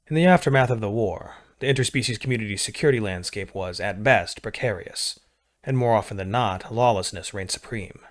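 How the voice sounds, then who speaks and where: A man narrating a military science fiction story in a measured, steady read. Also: lowish voice. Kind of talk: scripted sci-fi narration.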